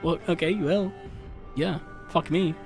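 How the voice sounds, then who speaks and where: A man streaming a game, telling a story in a casual, animated rant with swearing and frequent restarts. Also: a little high, slow pace. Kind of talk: casual chat while gaming. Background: faint game music.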